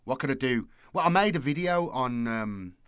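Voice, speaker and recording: A man's voice: medium pitch, expressive, normal speed, a bit bright, smooth, no echo, clean studio sound. A man hosting his channel, chatting casually and rambling with lots of fillers. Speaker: YouTube host. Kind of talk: casual late-night chat.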